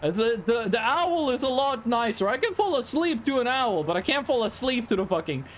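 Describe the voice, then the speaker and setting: A man's voice: very high-pitched, big pitch swings, fairly quick, a little hiss or hum. A young man from Norway, a native Norwegian speaker, chatting casually and rambling to his live-stream viewers while he plays. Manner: rambling, chatty, talks straight to chat.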